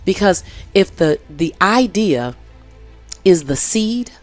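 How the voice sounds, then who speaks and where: A woman in relaxed conversation as an interview guest, her voice sitting on the low side. She talks earnestly and circles back to repeat her main points, with faint music underneath. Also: takes it slowly. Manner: earnest, repeats key phrases. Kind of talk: casual conversation.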